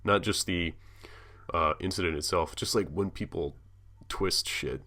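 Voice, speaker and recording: A young man co-hosting a casual podcast, blunt and quick to swear. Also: deep voice, pushed and bright. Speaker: podcast co-host.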